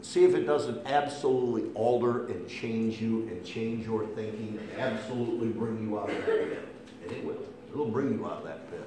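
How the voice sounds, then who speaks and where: A man preaching a sermon with impassioned delivery, swinging between hushed and loud. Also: on the low side, normal speed, a crowd in the background. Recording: echoey room, faint hum.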